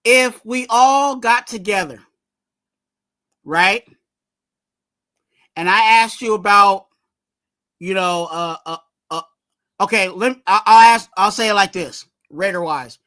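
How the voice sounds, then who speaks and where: A man's voice: high voice, takes it slowly, pauses often, bright, forceful tone. A man hosting a fan channel, giving casual sports commentary in a rambling way and urging viewers to subscribe.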